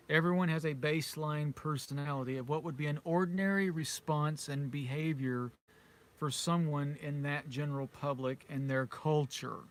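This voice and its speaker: A British man in middle age talks straight to camera in a loose, rambling monologue, his voice sitting a little high. He circles back over his own words, repeats phrases, and breaks into small chuckles as he spins a conspiratorial tale. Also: fairly bright tone. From Britain. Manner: conspiratorial, repetitive, with frequent chuckles. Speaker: vlogger.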